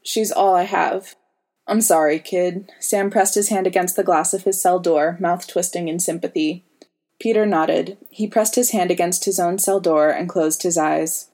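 A woman reads a story aloud in a calm, even way. Her voice sits low and sounds mellow and warm. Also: normal speed. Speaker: audiobook reader. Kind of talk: fan fiction audiobook narration.

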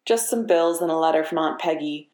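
A woman's voice: sits low, a little fast, darkish tone, natural voice. A woman voicing a playful, teasing young woman neighbor. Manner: playful, devious. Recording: echoey room.

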